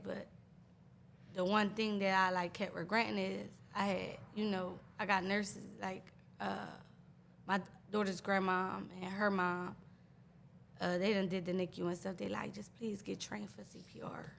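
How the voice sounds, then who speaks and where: Grieving woman with a gravelly voice. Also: medium pitch, little pitch movement, fairly bright tone, slight background noise. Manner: raw, halting, nervous laughter through grief. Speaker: guest. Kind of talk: emotional personal storytelling.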